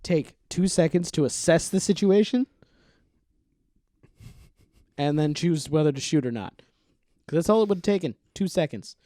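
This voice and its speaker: A man co-hosting a comedy podcast in casual chat, making wry, deadpan points. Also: on the high side, a little fast, no echo, clean studio sound. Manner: wry, builds jokes through deadpan reasoning. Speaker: podcast co-host.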